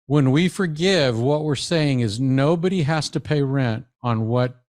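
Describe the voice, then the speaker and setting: A man, a psychologist, giving a lively, conversational professional development talk to teachers, often acting out quoted voices. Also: medium pitch, unhurried.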